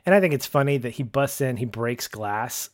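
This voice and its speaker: In a studio-quality, dry recording, a man at normal speed and medium pitch recaps a TV episode as a podcast co-host. The talk is casual, and he's lively, acting out the characters' dialogue.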